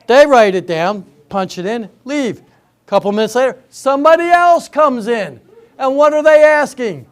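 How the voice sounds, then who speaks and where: A man's voice: very high voice, animated, normal speed, clear, resonant tone. An older man performing a stand-up comedy routine at a senior center, telling stories and bantering with the audience. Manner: chatty storytelling, banters with the audience. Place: senior center hall before a live audience.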